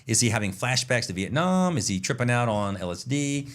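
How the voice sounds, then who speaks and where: A man's voice: medium pitch, sing-song, fairly quick. A man co-hosting a podcast in casual chat, rambling through a story and acting out the sounds. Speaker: podcast co-host.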